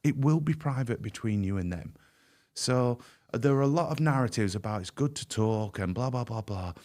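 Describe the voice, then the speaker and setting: A man's voice: medium pitch, expressive, moderate pace, darkish tone. A man speaking as a podcast guest, earnest and emphatic, often repeating words as he goes. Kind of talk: candid podcast conversation.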